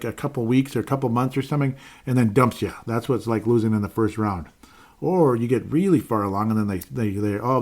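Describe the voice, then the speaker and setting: Guy hosting his sports podcast solo, low voice, rambly, lots of uh and restarts. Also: a little mellow. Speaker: podcast host.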